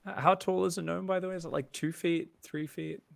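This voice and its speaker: A male tabletop player chatting about his plans in a gravelly voice. The sound is dry and close, with no room in it. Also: on the high side, steady tone, brisk, dry recording. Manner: chatty, planning aloud. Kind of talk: casual chat at a tabletop game.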